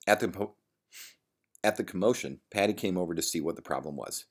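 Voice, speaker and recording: A man narrating a gritty story in a plain, steady reading. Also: low-pitched, a little fast, breathy edge. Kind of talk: audiobook narration.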